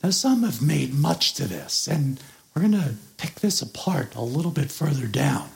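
A man's voice: a little high, big pitch swings, normal speed, creaky. A man preaching a sermon as pastor, earnestly explaining a scripture passage and stressing key words.

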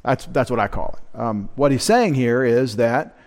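A man teaching a midweek Bible study in an unhurried, halting way. He fills pauses with "uh" and "um," restarts his phrases, and laughs off his own shaky Greek pronunciation as he explains a verse. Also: medium pitch, a little mellow. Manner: unpolished Greek pronunciation, self-deprecating asides. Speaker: pastor.

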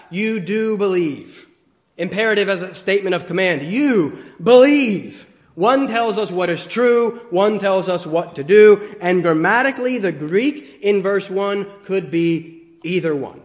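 Guy preaching a sermon, kinda high voice, teasing the crowd, goes loud then quiet. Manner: teasing asides to the congregation, wide swings between loud and hushed. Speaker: pastor.

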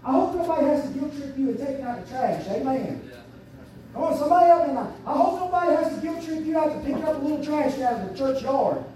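A man preaching a fervent sermon as pastor, swinging from quiet asides up to loud shouts. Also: lively intonation, fast talker, slight background noise. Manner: fervent preaching, surging to shouts and dropping low. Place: church sanctuary. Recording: very echoey church sanctuary, mic at a distance.

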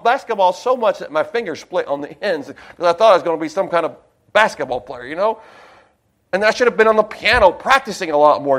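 A man preaching a sermon in a folksy, digressive way, slowing down to stress his points and slipping in personal stories. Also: high-pitched, fairly bright tone.

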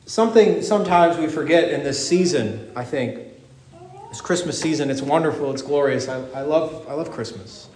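Male pastor, high voice, lively storytelling sermon, reverberant room. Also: moderate pace. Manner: animated preaching, acting out voices in the story. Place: church sanctuary. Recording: echoey church room.

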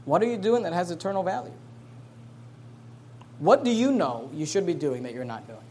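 High-voiced man preaching emphatic sermon. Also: expressive, normal speed, a little hiss or hum. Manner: emphatic, repeats rhetorical questions, swings from soft to loud. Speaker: pastor.

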